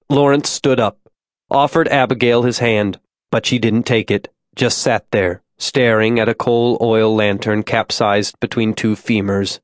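A man's voice: lowish voice, steady tone, measured pace, no room sound. Man narrating an audiobook in a dry voice. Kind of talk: scripted narration.

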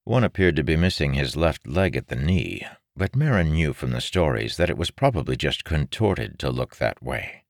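A man narrating a fantasy novel in a measured, expressive storytelling manner. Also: a bass voice, creaky, no room sound, clean studio sound. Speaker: audiobook narrator.

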